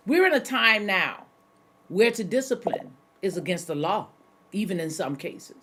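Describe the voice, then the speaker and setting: Middle-aged woman pastor, conversational sermon, folksy, speaks directly to listeners, mid-range pitch. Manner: folksy, talks straight to listeners, repeats key phrases.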